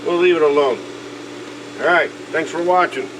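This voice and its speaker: A man's voice: fairly high pitch, normal speed, background noise. Older man, folksy backyard DIY talk. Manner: folksy, grumbling, talks to himself while working. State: out of breath at times. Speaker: DIY video host. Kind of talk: casual how-to vlog narration. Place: outdoors by a backyard pool.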